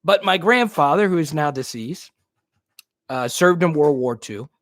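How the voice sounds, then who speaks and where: Man, live stream host, animated pitch, dry close sound, laughs often. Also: unhurried, dry recording. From New Roads, Louisiana. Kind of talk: casual live stream chat.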